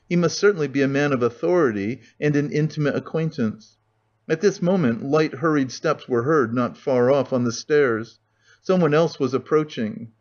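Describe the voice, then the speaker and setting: A man narrating an audiobook in a steady, measured reading on a dull lo-fi recording. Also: mid-range voice. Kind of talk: scripted narration of a classic novel.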